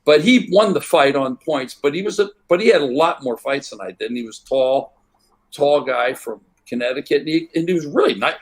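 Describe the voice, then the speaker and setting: An older man, a guest on an interview, telling rambling stories in a relaxed way and acting out the voices of people in them. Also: on the high side, fairly quick. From United States. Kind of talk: relaxed anecdotal storytelling.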